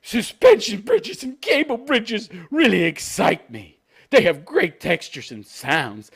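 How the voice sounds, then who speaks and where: A man putting on a high, slow, dreamy voice to mock an eccentric woman artist who loves bridges. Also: sing-song, gravelly, breathy edge, heavily acted.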